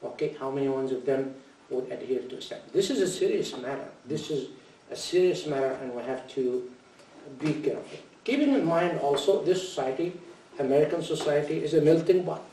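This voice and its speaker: A man's voice: on the high side, a little fast, slight background noise. Older man lecturing in an echoey mosque hall. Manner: earnest, repeats key phrases, animated in anecdotes. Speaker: mosque speaker. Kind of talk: lecture to a congregation. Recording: echoey room, distant mic.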